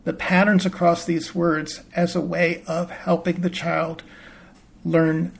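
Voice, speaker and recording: Slow, gravelly man explaining a word. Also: on the high side, level tone. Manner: patient, plain-spoken explaining. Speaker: reading teacher. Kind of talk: explanatory lesson.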